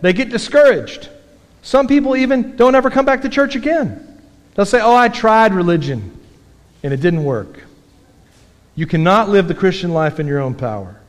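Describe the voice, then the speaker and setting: A man preaching a sermon as pastor, moving from folksy storytelling to emphatic exhortation. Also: sits high. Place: church sanctuary. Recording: long hall reverb.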